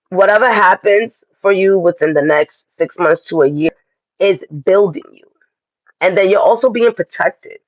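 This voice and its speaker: A man's voice: sits high, no room sound, muffled recording. Chatty man giving a spiritual reading. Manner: chatty, direct, addresses viewers as y'all. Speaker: astrology and tarot reader. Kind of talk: casual spiritual reading to viewers.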